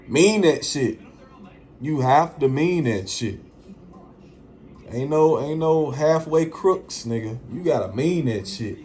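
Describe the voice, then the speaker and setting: Man hosting a casual monologue, unhurried, slangy, emphatic, repeats himself, swears. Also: on the high side, animated, darkish tone. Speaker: vlogger.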